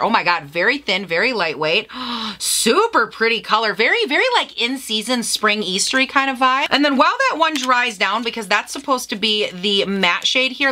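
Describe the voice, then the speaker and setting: A woman hosting a casual makeup haul vlog, gushing and excitable, gasping over each item. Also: a little high. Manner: gushing, excitable, swears mildly, gasps often. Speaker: beauty vlogger.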